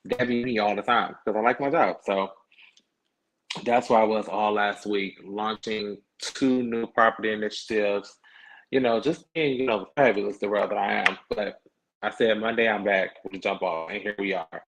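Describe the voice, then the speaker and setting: A man's voice: lowish voice, steady tone, normal speed, a bit bright. A man hosting a podcast livestream, chatting casually in a sassy, slangy way. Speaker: podcast host. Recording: dull lo-fi stream audio.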